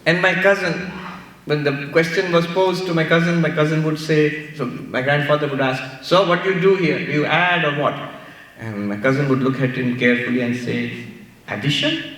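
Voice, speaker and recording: A man with an Indian English accent giving a spiritual talk in a large hall, animated and playful as he tells stories. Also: on the high side, moderate pace. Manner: animated storytelling with playful asides. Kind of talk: sermon-style lecture. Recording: echoey hall, mic far off.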